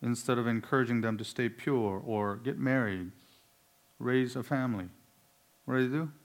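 A man preaches a sermon in a voice of ordinary, middle pitch. He drives his points home with loud, emphatic bursts, then drops to low, quiet asides, giving his delivery a strong rise and fall. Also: normal speed.

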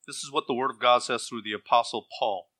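Man, preacher, bright forceful voice, emphatic, slows to stress words, expository sermon. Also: medium pitch. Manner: reads scripture aloud and explains it.

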